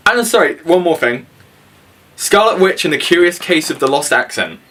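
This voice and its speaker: A man's voice: a little high, expressive, moderate pace, bright, forceful tone. A young man co-hosting a casual film review, blunt and opinionated, sweary, laughing often. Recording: voice from a distance.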